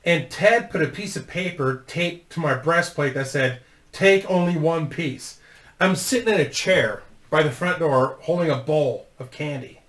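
A man's voice: on the high side, a bit bright, reverberant. A man hosting his own channel, telling a casual story to camera in a rambling, profane way and laughing through it. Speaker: YouTube host.

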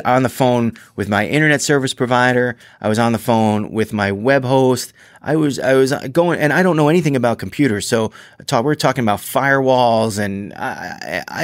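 A man hosting his own podcast, talking casually on his own, rambling with many restarts and excited asides. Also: mid-range voice, moderate pace, no room sound, clean studio sound. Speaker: podcast host. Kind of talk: casual solo podcast monologue.

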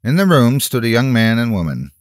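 A man narrating a horror story as a dramatic audiobook reading, slow and measured with tense swells. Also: medium pitch, very animated, no room sound, clean studio sound.

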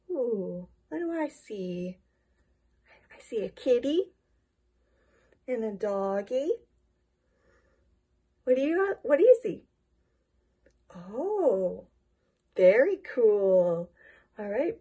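A woman guides small children through storytime yoga, speaking at a very slow, deliberate pace. Her voice sits slightly high, and her tone is gentle and encouraging, full of praise. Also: very animated. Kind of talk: leading young children through yoga and songs.

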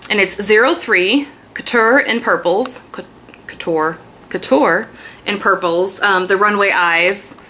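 A woman in her thirties chatting excitedly about a mail haul in a casual vlog. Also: medium pitch, slight background noise. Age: 30s. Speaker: beauty vlogger. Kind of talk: casual haul video chat.

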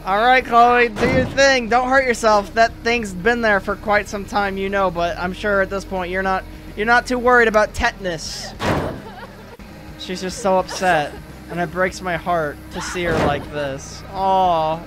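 A man with a high voice gives let's play commentary, slowly and emotionally sympathizing with the characters. He speaks at an unhurried pace, with faint music in the background. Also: fairly even intonation. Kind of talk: game commentary.

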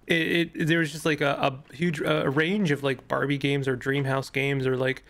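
A young man giving casual, rambling commentary while playing a game, with a voice that is going hoarse. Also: medium pitch, flat delivery, normal speed, a bit bright. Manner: rambling, many fillers and restarts. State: losing his voice. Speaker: gaming YouTuber.

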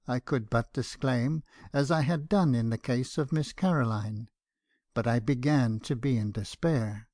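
Man, audiobook narrator, first-person, measured, earnest, mid pitch, dry close recording. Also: a little mellow, no echo.

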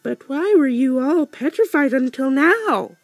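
A man doing a high excitable girl sidekick. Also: measured pace, no echo, soft background music, exaggerated voice. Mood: eager. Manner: eager, exclaiming.

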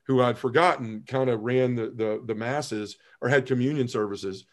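A man, a podcast guest telling his personal conversion story in an earnest, halting way, often restarting his phrases and dropping his voice at heavy moments. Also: fairly even intonation. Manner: earnest storytelling, halting restarts, drops low when emotional.

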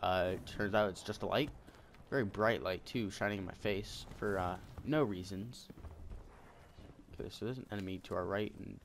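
A man giving chatty, excitable commentary while he plays a game, often breaking into sudden exclamations. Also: on the low side, moderate pace, gravelly, a little hiss or hum. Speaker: gamer. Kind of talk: casual gameplay commentary. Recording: game audio mixed with loud music. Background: game music.

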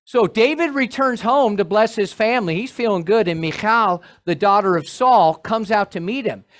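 Animated male pastor preaching a sermon. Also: high voice, normal speed, slight background noise. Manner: animated, joking asides to the congregation.

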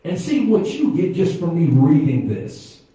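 A man preaches to his congregation, his voice running high and mellow. He goes from quiet asides to loud exclamations and has the crowd answer him back. He sounds far from the mic, with heavy echo off the church walls. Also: sing-song, a little slow. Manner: preaching with call-and-response to the congregation. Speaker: pastor. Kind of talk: sermon. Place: church sanctuary.

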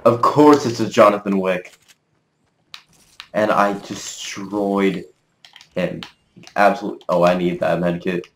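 A man giving live gameplay commentary as a gaming video creator, excitable, cursing mildly and trash-talking his opponents. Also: low voice, slow pace, long pauses. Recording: roomy echo.

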